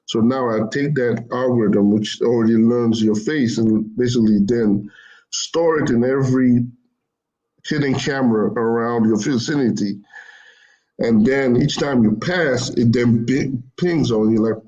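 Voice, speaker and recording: A man's voice: medium pitch, measured pace, warm tone, dull audio. A man explaining machine learning in casual talk, rambling and repeating himself as he corrects his words. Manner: rambling, repeats phrases, self-corrects often.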